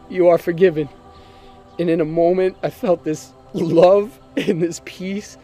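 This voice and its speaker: A man's voice: high-pitched, dark tone. A man earnestly and emotionally telling his personal testimony, sometimes repeating himself as he speaks.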